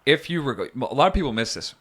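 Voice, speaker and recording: Guy on a podcast, rambly and jokey, pitch all over the place. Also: sing-song, fast talker, a bit bright. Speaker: podcast co-host. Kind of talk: casual chat. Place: studio.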